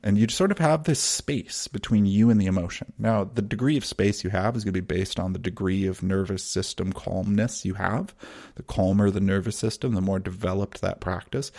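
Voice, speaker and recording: A man teaching breathwork in a calm, measured, soothing way, with long pauses. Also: lowish voice, gravelly. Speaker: breathwork and wellness guide. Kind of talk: teaching monologue.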